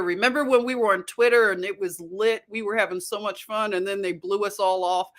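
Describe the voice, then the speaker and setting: A woman hosts a casual livestream, chatting with her viewers in a loose, excitable way. Her voice is bright and a little sharp, and she laughs easily between comments. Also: medium pitch. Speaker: livestream host.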